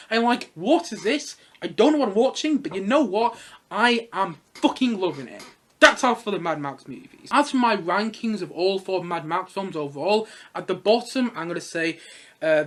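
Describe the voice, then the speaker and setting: A young man reviewing films in a casual vlog, excitable and gushing, rambling along with bursts of laughter. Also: fairly high pitch. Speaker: film reviewer.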